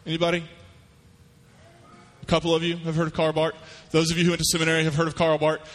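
A man's voice: on the high side, quick pace, long reverb tail. A man preaching a sermon, telling stories in a folksy way and voicing the people in them. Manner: folksy storytelling with lively voiced asides. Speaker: pastor.

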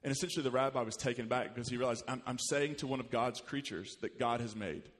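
A man preaching a sermon as pastor, animated, rising in pitch and volume when he quotes scripture. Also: fast. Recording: long hall reverb.

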